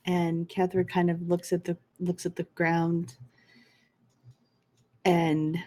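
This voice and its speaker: A woman playing a tabletop game, narrating her character's actions slowly and carefully. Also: lowish voice, monotone, dark tone. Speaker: player.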